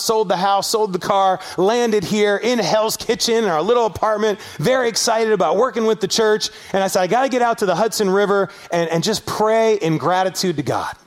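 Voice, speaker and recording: A middle-aged man from Los Angeles preaching a sermon as pastor, telling a story with animated rises and shouted peaks. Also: high-pitched. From Los Angeles area, US.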